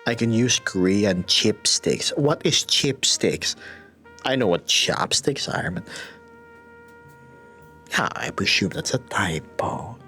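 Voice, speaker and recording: A male streamer talking casually to his chat. His voice leaps up and down in pitch as he jokes, laughs and sometimes slips into a whisper. Faint music plays underneath. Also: slow, pauses often. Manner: animated, playful, laughing often, jokey whispers.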